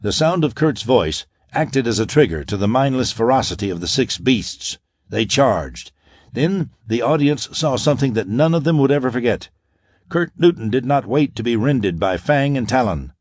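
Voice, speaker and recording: A man narrating a pulp science-fiction audiobook in a dramatic, expressive way. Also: mid-range voice, moderate pace, dry recording, clean studio sound.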